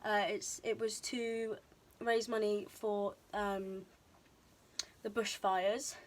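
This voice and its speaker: A woman's voice: medium pitch, flat delivery, slow. A young woman chatting casually through a show-and-tell vlog, bubbly and a little out of breath, with frequent ums, recorded on a camera on a tripod. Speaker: vlogger. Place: indoor room, tripod camera. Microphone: camera mic on tripod, moved around.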